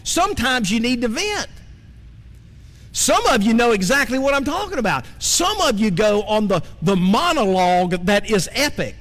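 Animated high-voiced male preacher in a reverberant hall. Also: moderate pace. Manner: conversational preaching, asks the congregation questions. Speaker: pastor. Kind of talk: sermon. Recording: long reverb from a large hall.

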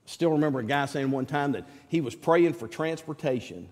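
A man preaching a sermon in a folksy manner, dropping his voice low and soft on key words and rising high when he quotes others. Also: expressive, moderate pace, in a large hall. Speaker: pastor.

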